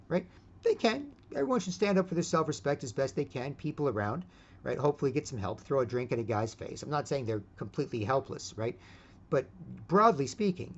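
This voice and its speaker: A middle-aged man in a casual, rambling monologue, blunt and profane, tagging "right?" onto his phrases. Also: mid-range voice. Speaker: video host. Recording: dull lo-fi recording.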